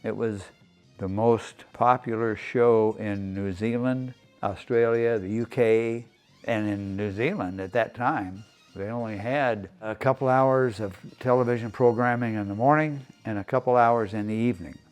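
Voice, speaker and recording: An older man, a retired highway patrol officer, recalling his past in a plain, matter-of-fact way in an interview. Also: steady tone, a little slow, soft background music. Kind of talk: reminiscing interview.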